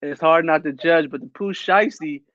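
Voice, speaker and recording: A man co-hosting a casual podcast, relaxed and slangy, laughing often as he talks. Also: a little high, moderate pace, dry recording. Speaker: podcast co-host. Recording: dull lo-fi mic.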